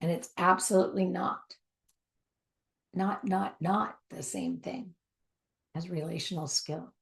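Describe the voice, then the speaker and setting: A woman giving a spoken teaching on communication, emphatic and repetitive for stress, sometimes dropping to a soft near-whisper. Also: fairly low pitch, fairly even intonation, unhurried, vocal fry.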